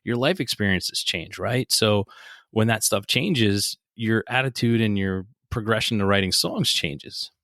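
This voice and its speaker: Blunt New man, low voice. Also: measured pace, fairly bright tone, no echo, studio quality. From northern New Jersey. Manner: blunt, opinionated, swears freely. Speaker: podcast host. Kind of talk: casual interview chat.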